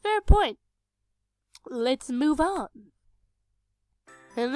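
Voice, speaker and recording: High-voiced young woman telling a game story. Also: slow, soft background music. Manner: rambling, self-mocking, crude jokes. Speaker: storyteller recounting a tabletop game. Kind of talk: casual narrated storytelling. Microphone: cheap home microphone.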